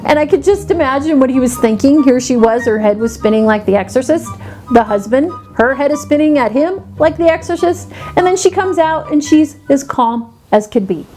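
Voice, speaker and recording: A woman's voice: sits high, expressive, normal speed, dark tone, soft background music. A woman beauty vlogger chatting casually, animatedly telling a story and acting out the people in it.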